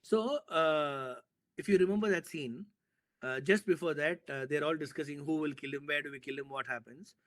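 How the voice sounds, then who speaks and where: A man, a filmmaker from India, talking in an interview and excitedly retelling a film scene with sound effects and repetition. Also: fairly high pitch, moderate pace. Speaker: filmmaker guest. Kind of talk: animated storytelling in an interview.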